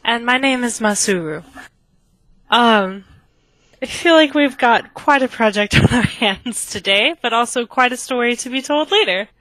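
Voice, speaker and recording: A gentle, plant-loving young man, played by a woman in her own voice, speaks softly and politely with small laughs. The recording is close and dry, with no room around it. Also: a little high, animated, measured pace, dry recording, low-quality recording. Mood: friendly. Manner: soft-spoken, friendly, giggly.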